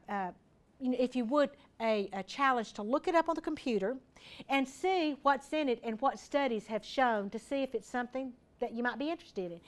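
A woman giving an informal health talk to a small group in a room, chatty and practical, speaking straight to her listeners. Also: fairly high pitch.

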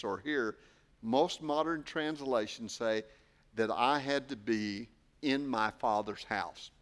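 A man's voice: medium pitch, slow. A man preaching a sermon, acting out quotes and posing rhetorical questions to the congregation. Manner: expressive, acts out quotes, poses rhetorical questions.

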